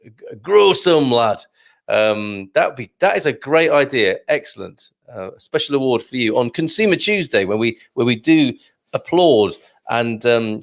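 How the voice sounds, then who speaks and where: Middle-aged male host, gravelly edge, jokey live-stream banter and dad jokes. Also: mid-range voice. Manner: chatty and jokey, tells corny dad jokes, chuckles often. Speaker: live show host reading viewer comments. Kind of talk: casual live-stream chat.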